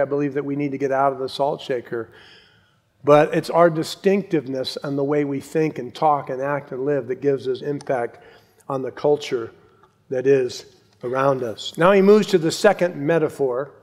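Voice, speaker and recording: A middle-aged male pastor preaching a sermon, emphatic, with rhetorical questions and quiet asides. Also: fairly high pitch.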